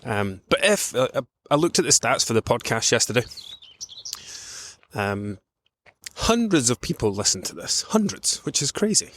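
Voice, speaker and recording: A man's voice: mid-range voice, sing-song, normal speed, long pauses, fairly bright tone, slight background noise. A man hosting a nutrition podcast, talking in a casual rambling way with many ums while out on a morning walk. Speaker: podcast host, nutrition coach.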